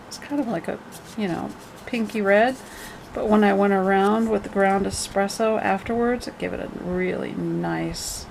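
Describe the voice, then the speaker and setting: A woman's voice: mid-range voice, vocal fry, a little hiss or hum, low-quality recording. A woman casually walking through her handmade journal page by page, chatty and rambling with jokey asides. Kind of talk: casual show-and-tell.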